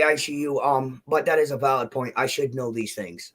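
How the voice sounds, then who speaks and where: A man's voice: medium pitch, moderate pace, fairly bright tone. A man on a livestream panel, answering questions defensively and emotionally, rambling and restarting as he talks. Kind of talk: heated livestream argument.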